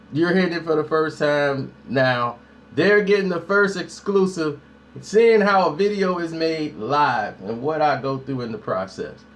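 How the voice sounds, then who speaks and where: A man's voice: a little high, a bit bright. A man hosting a casual live stream, talking straight to his viewers in a slangy, hyped way. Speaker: YouTube host.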